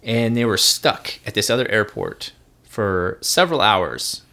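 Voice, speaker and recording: A man's voice: on the low side, big pitch swings, unhurried, gravelly, sharp tone. A man co-hosting a podcast, telling a story in a rambling, casual way with restarts and laughs. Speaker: podcast co-host.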